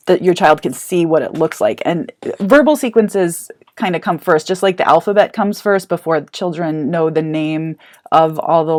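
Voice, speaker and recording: A woman teacher with a fairly low voice walks parents through a hands-on counting activity. She is chatty and encouraging, and she thinks aloud as she goes. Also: darkish tone. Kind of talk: explaining a math activity to parents.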